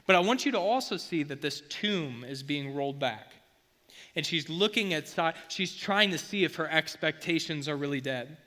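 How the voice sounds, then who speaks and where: A man preaching in a relaxed, slangy way, reading scripture and explaining it as he goes. His voice sits a bit high and sounds bright and forceful. A long hall reverb trails after his words. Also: moderate pace. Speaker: youth pastor. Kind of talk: sermon.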